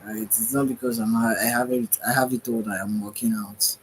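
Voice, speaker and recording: A man's voice: mid-range voice, level tone, brisk, slight background noise, poor audio. A tired man hosting a livestream, giving a rambling spiritual monologue and often searching for his words. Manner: meandering, searching for words, frequent "right?". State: tired, yawning. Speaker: livestream host.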